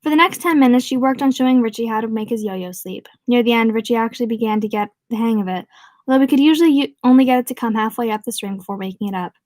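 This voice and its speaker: Casual higher-voiced woman reading aloud. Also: quick pace, darkish tone, dry recording. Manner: informal amateur reading with slips, restarts and asides. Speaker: audiobook reader. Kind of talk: casual read-aloud of a novel.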